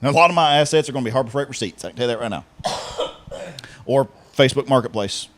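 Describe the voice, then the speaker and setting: A young man telling profane stories in a deadpan way as a podcast co-host. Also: mid-range voice, fast talker, background noise. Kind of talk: casual chat.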